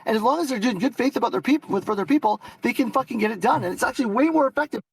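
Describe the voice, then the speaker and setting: A man with a very high, husky voice argues in an online debate, talking fast. He is combative and profane, stumbling through restarts and doubled words. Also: no echo, low-quality recording. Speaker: debate guest. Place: Canada.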